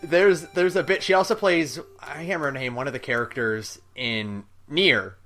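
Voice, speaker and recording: A man's voice: on the high side, normal speed, fairly bright tone. Laid-back opinionated man podcast co-host. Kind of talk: casual chat. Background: faint background music.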